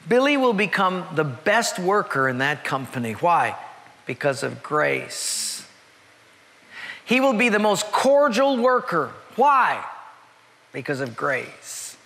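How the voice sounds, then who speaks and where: Emphatic preacher in an echoey hall. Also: male voice, high voice, big pitch swings, slow pace, gravelly, pushed and bright. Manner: earnest, emphatic, repeats key words. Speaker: pastor. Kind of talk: sermon with storytelling.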